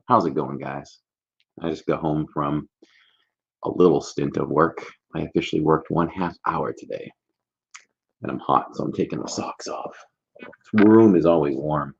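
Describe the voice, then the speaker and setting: A middle-aged man hosting a casual livestream from a warm room at home, chatty and greeting viewers by name. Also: sits low, vocal fry. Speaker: livestream host. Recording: slightly dull lo-fi stream audio.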